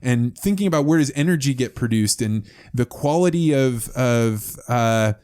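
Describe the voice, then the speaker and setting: A man's voice: mid-range voice, animated, moderate pace, darkish tone, smooth. A man hosting a podcast interview, talking in eager bursts with frequent restarts. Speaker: podcast host. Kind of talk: casual interview chat.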